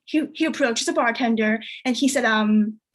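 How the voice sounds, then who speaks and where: A woman performing a stand-up comedy set, whose first language is Chinese, telling jokes in a deadpan way and jumping much higher when she quotes people. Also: fairly quick. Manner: deadpan delivery, jumps high for quoted voices.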